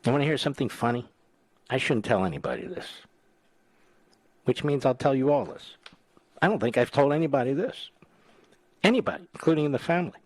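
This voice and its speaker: With a mid-range voice, brisk delivery, and long pauses, a man in his 60s hosts talk radio in a dry studio with no room sound. He's a lively, wisecracking storyteller whose casual chat is full of dry jokes.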